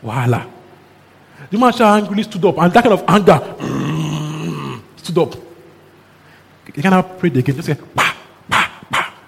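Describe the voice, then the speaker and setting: A man preaching a sermon, telling a story in an animated way with chuckles and local exclamations. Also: fairly high pitch, normal speed, gravelly, pauses often, slightly rough. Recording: long hall reverb, faint background noise.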